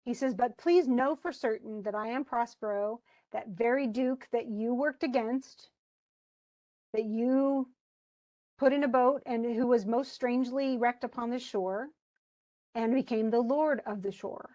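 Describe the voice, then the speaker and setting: A woman's voice: a little high, measured pace, dull audio. A woman teaching a play in a casual lecture, reading quoted verse and then retelling it in plain, chatty words. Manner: animated, uses fillers and restarts. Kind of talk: casual lecture, paraphrasing and quoting lines.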